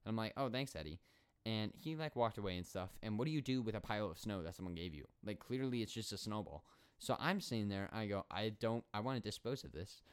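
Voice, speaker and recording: Rambling twenty-year-old podcast host. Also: male voice, on the low side, fast, clean tone. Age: 20s. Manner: animated, rambling, sarcastic storytelling with many fillers and restarts. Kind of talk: solo podcast storytelling.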